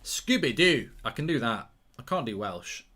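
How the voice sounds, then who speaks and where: A man hosts a live football watchalong, mixing excited reactions to chances with casual chat and viewer questions. His voice is bright and forceful, sitting at a middling pitch. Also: normal speed.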